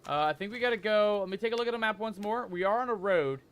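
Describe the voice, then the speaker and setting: A man playing a survival horror game and commenting as he goes, calling his viewers "mateys" and shouting when he gets scared. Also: sits high, fast, smooth. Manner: jumpy, excitable, loud when scared. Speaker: gaming YouTuber. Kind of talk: let's play commentary.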